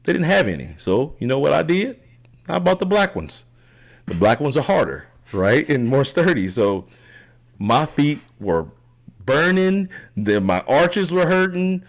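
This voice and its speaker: A middle-aged man as an interview guest, telling a long story in a rambling, animated way and often checking in with "right?". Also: a little high, measured pace. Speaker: podcast guest, triathlete.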